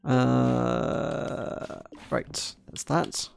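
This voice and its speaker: A man's voice: mid-range voice, steady tone, drawn-out words, vocal fry, faint music behind. A man giving casual live-stream commentary over a game, chatty and playful, talking along as he plays. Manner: chatty, playful, talks along with his play.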